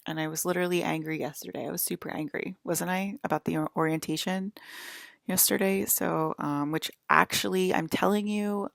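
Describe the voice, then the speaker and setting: Low, gravelly woman ranting. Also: steady tone, fairly quick, no room sound, clean studio sound. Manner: rambling, agitated and profane, many fillers and restarts. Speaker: vlogger. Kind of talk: rambling monologue to viewers.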